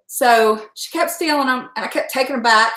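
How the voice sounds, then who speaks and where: A high-voiced, middle-aged woman with a drawl, talking casually and saltily as she hosts a livestream from her kitchen. She laughs often and swears freely. The sound bounces around an echoey room. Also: normal speed, a bit bright. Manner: chatty, salty, laughs often. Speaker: host. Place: home kitchen.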